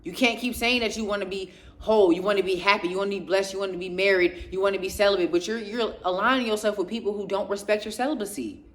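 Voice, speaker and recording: A woman's voice: mid-range voice, steady tone, fast talker, few pauses. A woman giving an emphatic, preachy motivational talk on faith and growth, stacking repeated phrases in rhythmic lists. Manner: speaks passionately, getting louder, then drops quieter. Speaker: faith and self-growth speaker.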